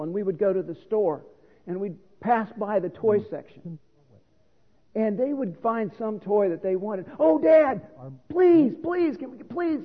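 A man's voice: high-pitched, slightly rough. A middle-aged man preaching a sermon, explaining scripture in an earnest, teaching manner. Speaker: pastor. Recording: reverberant hall on a phone-like line.

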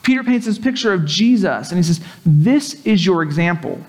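A man's voice: high voice, lively intonation, moderate pace. A man preaching a sermon as pastor, conversational, acting out the quoted speech of the people he talks about.

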